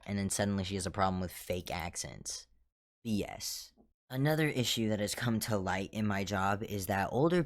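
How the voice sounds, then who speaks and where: A man working as a hotel's head of housekeeping tells work stories in a casual storytime vlog, blunt and sarcastic and swearing freely. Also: sits low.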